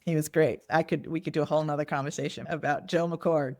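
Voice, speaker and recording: Woman, lowish voice, middle-aged, reflective storyteller, dry close sound. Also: steady tone, fast, darkish tone, no echo. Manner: reflective storyteller, acts out quoted dialogue. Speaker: nonprofit fundraising consultant, guest. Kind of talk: candid podcast conversation.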